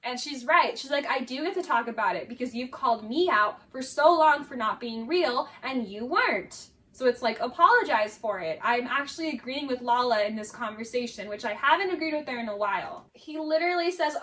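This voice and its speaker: A woman giving casual, sarcastic commentary on a reality show, talking fast with lots of "like" fillers and sounding exasperated. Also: high voice, animated, fairly bright tone, far from the mic. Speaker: video essay commentator.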